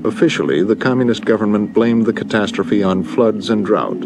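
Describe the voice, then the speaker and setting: A man giving measured, grave scripted documentary narration. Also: fairly low pitch, heavy background noise.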